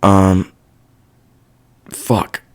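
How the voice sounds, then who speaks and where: A man hosting a casual solo podcast, venting in a profane, irritated rant that rambles and loses its thread. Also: drawn-out words. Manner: rambling, loses his train of thought. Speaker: podcast host. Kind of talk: casual monologue.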